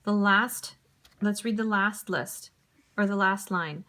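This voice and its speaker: Slow, deliberate woman teacher. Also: medium pitch, steady tone, pushed and bright. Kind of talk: recorded classroom lesson.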